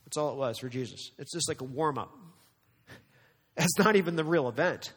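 Man preaching a sermon, emphatic and dramatic, slightly high voice, long hall reverb. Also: expressive, a bit bright, breathy edge. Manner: swings between slow weighty phrasing and quick asides. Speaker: pastor.

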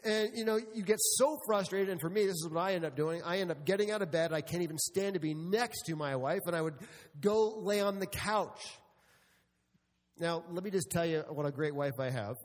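Middle-aged male pastor, high voice, humorous storyteller, church hall reverb. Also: brisk. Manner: storytelling with humor, addressing the congregation. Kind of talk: sermon.

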